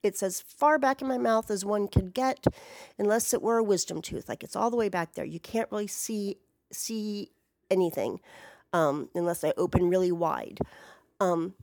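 Rambling, excitable woman telling a story. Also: medium pitch, moderate pace, no echo, studio quality. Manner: rambling, excitable, swears freely. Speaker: vlogger. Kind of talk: casual storytelling. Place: home.

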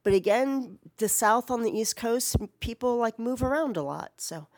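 A woman's voice: on the high side, expressive, normal speed, darkish tone, no echo. A middle-aged woman chatting casually from home in a response video, rambling and swearing with lots of "like". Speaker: vlogger. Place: home, Portland.

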